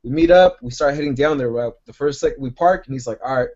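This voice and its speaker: Man, podcast co-host, quick pace, slightly high voice, profane, rambling storyteller, dull lo-fi sound. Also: a little mellow. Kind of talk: casual storytelling chat.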